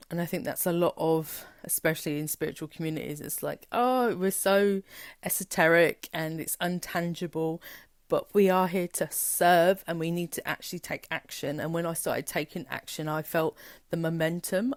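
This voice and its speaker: Low-voiced frank spiritual coach woman. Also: brisk, no room sound, studio quality. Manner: frank and emphatic, swears freely, animated quoting. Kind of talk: candid motivational talk.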